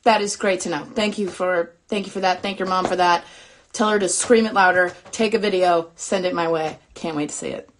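A young woman hosting a casual live stream, flustered and excitable as she talks to her viewers. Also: lowish voice, fairly quick.

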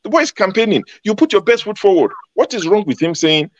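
A man's voice: high-pitched, sing-song, fast, dry recording, dull audio. A man speaking as a panelist in a heated debate, emphatic and combative, repeating his points.

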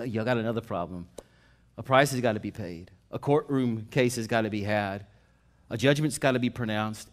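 A male pastor preaching a sermon in a folksy, conversational way, rising to loud emphatic passages and dropping to quiet personal storytelling. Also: fairly low pitch.

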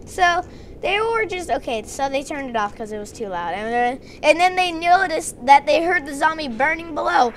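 A woman narrating a gameplay story with excitement, acting out her characters. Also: sits high, normal speed, slight background noise. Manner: excited storytelling, doing dramatic voices for the characters. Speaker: game narrator.

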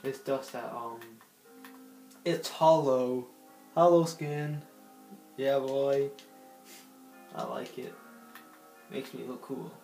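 Slow, rambling male gamer in a roomy echo. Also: mid-range voice, steady tone, gravelly, warm tone, faint music behind. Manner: rambling, giggly, talks to himself while playing. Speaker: gaming channel host. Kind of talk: casual gameplay commentary.

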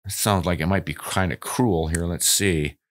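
A man's voice: sits low, steady tone, normal speed. A man hosting a podcast, reading listener letters aloud and answering them in a folksy, easygoing way, often chuckling. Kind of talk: casual podcast chat.

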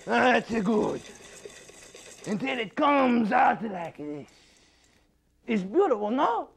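A high, gravelly Frenchified alien chef. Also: male voice, slow pace, full character voice. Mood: excitable. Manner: excitable, exclaiming. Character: fussy alien cooking-show host, male. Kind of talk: comedy sketch acting.

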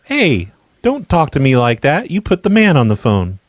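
A man hosting a comedy show, making prank phone calls in a stammering, mock-apologetic, deadpan way. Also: fairly high pitch, moderate pace, dry recording. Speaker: prank caller and show host.

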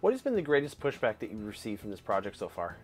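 A man's voice: on the low side, wildly swooping pitch, quick pace, darkish tone, soft background music. A man asking direct interview questions.

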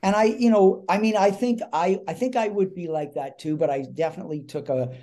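A man hosting a casual chat, telling a lively backstage anecdote with frequent restarts and bits of acted-out dialogue. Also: high voice, brisk. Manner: animated storytelling with frequent restarts and quoted dialogue. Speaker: host and actor.

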